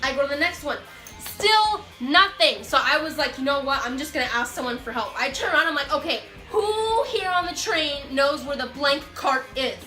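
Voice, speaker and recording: A young woman telling a storytime vlog in an animated, excitable, self-mocking way. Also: high voice, normal speed, echoey room, faint music behind. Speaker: vlogger.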